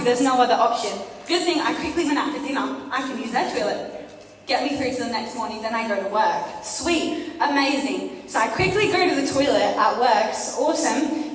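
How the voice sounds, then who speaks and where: A young woman speaking at a church gathering, telling a story in a chatty, animated, self-mocking way. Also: high voice, a little hiss or hum. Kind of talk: casual storytelling talk. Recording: echoey hall from far off.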